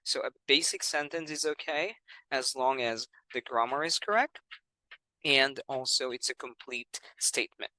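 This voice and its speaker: A man's voice: mid-range voice, moderate pace, bright, forceful tone, no echo, poor audio. A man explaining how he teaches English, speaking patiently and often saying "all right" and "you know".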